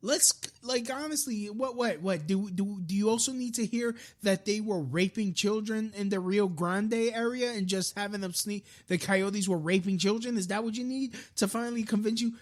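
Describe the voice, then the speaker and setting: A man's voice: high-pitched, normal speed, few pauses. A man hosting a live-streamed podcast, delivering a frustrated, profane political rant with frequent restarts. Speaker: podcast host.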